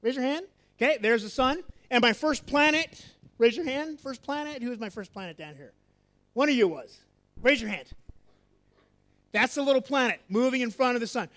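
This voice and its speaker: Very high-voiced man lecturing. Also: normal speed. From USA. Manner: lively, coaxing, asks the audience questions. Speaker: astronomy professor giving a public lecture. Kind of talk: interactive science lecture with audience volunteers.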